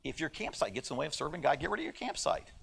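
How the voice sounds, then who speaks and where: A man's voice: a little high, sing-song, racing, creaky, fairly bright tone, slight background noise. A man teaching a conversational Bible lesson in a church class, folksy and joking as he talks. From United States. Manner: folksy and joking, with playful voices for quoted people. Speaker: Sunday school teacher.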